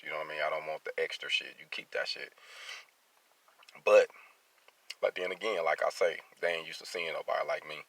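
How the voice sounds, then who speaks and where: A man with a very low voice vents to his viewers, heated and angry. He talks bluntly and swears freely, like a worker unloading after a rough day on the job. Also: fairly bright tone. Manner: blunt, profane, heated street talk. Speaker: traveling field welder. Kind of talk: venting vlog monologue.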